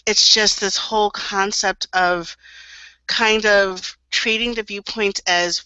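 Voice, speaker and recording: Woman co-host on a call, bright crisp voice, dry lo-fi sound. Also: mid-range voice, fairly even intonation, measured pace, no echo. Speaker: guest co-host. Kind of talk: casual chat. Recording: dry, dull lo-fi call audio.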